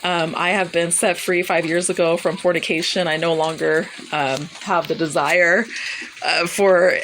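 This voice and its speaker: A woman with children giving a casual personal testimony about a dream, halting and full of fillers and restarts. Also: on the low side, fairly even intonation, fairly bright tone, a little hiss or hum, low-quality recording. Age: adult with children. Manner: hesitant, many fillers and restarts. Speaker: Christian vlogger sharing a dream.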